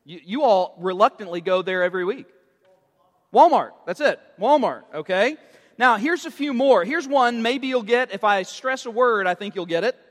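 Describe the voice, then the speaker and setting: High-voiced joking preacher in a reverberant hall. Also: male voice, expressive, normal speed, fairly bright tone. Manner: teasing, joking with the congregation. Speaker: pastor. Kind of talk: sermon.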